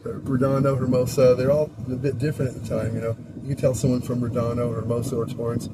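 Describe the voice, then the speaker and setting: A man's voice: medium pitch, little pitch movement, fast talker. Rambling older man, traffic noise behind. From Southern California. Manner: rambling and loose, chuckling often, many fillers. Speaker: storyteller recalling his school days. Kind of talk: casual rambling anecdote.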